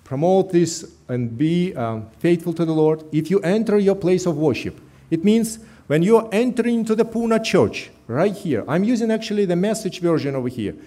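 A middle-aged pastor delivers a sermon, his voice rising and falling in lively swings. His tone is dark and mellow, and he leans earnestly on slow, stressed phrases. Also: sits high. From Russia.

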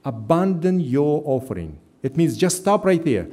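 A middle-aged pastor delivers a sermon, his voice rising and falling in lively swings. His tone is dark and mellow, and he leans earnestly on slow, stressed phrases. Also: fairly high pitch. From Russia.

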